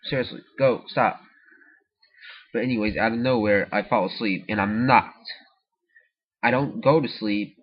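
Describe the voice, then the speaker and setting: A teenage boy vlogging at home, rambling through a story and jumping into squeaky high voices as he acts it out. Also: normal speed, breathy edge, highs cut off. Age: teens. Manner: animated, jumps to squeaky high pitch when acting out the story.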